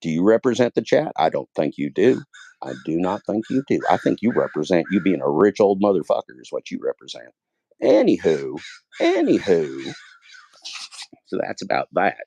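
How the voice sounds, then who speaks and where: A man in his fifties hosting a livestream, talking in a rambling, profane way, repeating phrases and swinging loud and high when worked up. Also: huge pitch swings, normal speed, gravelly, no room sound. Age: 50s. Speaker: livestream host. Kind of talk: casual livestream monologue.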